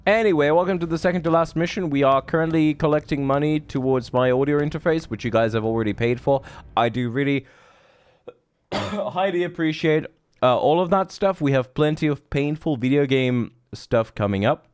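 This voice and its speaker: A man's voice: fairly high pitch, normal speed, clean tone, dry recording, clean studio sound. 30-something streamer guy swearing a ton, rambly, chatting with chat while playing. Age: 30s. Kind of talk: live gameplay commentary.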